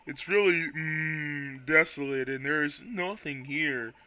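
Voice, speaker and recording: A man voicing a slow, drowsy male Quagsire who keeps the land, talking in a very slow drawl with long humming pauses while reading game dialogue. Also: a little high, pushed and bright, voice pushed down, exaggerated voice.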